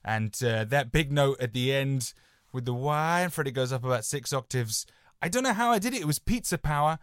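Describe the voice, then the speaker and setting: A man's voice: mid-range voice, expressive, brisk, no echo. Rambling man, dry close sound. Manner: rambling, hedges with "sort of", chatty anecdotes. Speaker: podcast co-host. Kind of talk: casual podcast chat.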